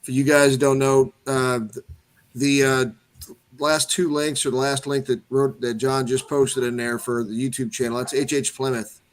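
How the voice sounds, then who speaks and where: Casual man giving a quick plug. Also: medium pitch, little pitch movement. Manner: quick, informal, full of fillers and restarts. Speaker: open mic participant. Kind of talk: casual group chat.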